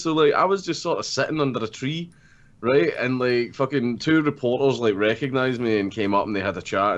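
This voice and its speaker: A young Scottish man spins a rambling, swear-laden story in loose podcast chatter, breaking into laughter often. His voice sits mid-range for a man, and the audio is a little dull and lo-fi. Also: mid-range voice. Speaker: podcast co-host telling a story. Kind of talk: casual storytelling chat.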